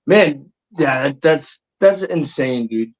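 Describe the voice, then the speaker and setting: A man's voice: a little high, lively intonation, slow pace, poor audio. A man hosting a comedy podcast, hyped and casually swearing, peppering his talk with "man" and "dude". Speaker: podcast host.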